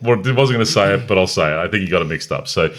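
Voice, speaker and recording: Deep-voiced easygoing man. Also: lively intonation, rapid-fire, fairly bright tone. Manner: easygoing, dry teasing. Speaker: podcast co-host. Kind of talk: casual film review chat.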